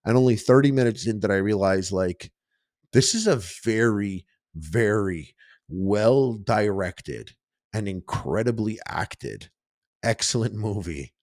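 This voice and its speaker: A man's voice: lowish voice, takes it slowly, darkish tone, dry recording, studio quality. A man hosting a casual podcast who rambles through his stories with lots of fillers. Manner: rambling, filler-heavy storytelling. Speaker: podcast host.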